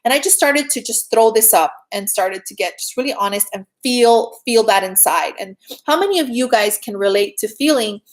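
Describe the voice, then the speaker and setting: A woman's slightly higher voice carries this relaxed spiritual talk. She sounds middle-aged, earnest and conversational, and keeps checking in with her listeners. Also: moderate pace, few pauses. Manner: earnest, chatty, often adds "right?". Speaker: spiritual teacher. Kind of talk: casual spiritual talk to viewers.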